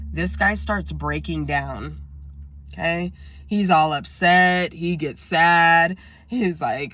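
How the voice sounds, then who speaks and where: A woman's voice: on the low side, unhurried, fairly bright tone, dry recording. A woman vlogger telling a story in a chatty way, talking straight to her viewers and acting out what was said. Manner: chatty, addresses viewers directly, acts out quotes. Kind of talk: storytelling vlog.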